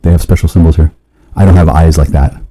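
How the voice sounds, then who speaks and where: A man in a rambling, profane monologue, often restarting and jumping suddenly up in pitch. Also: steady tone, fast, warm tone, poor audio.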